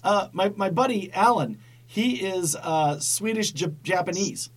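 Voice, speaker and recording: A man's voice: sits high, lively intonation, unhurried. A man hosting a podcast in casual chat, rambling and swearing, with many fillers. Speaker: podcast host.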